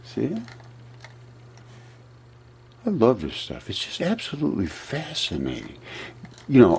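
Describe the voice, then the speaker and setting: A man talking through a map in a casual, rambling monologue, often laughing at his own ideas and getting excited. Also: low-pitched, vocal fry, slightly rough. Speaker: video presenter.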